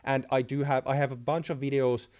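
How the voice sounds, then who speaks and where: A man's voice: mid-range voice, flat delivery, a little fast, darkish tone. A young man from Finland hosting a live stream and answering viewer questions in a chatty way, with many restarts and fillers.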